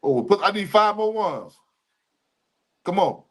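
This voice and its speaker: A man co-hosting a casual livestream podcast, talking in loose street slang with drawn-out emphatic asides. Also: sits high, animated, a bit bright. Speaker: podcast co-host.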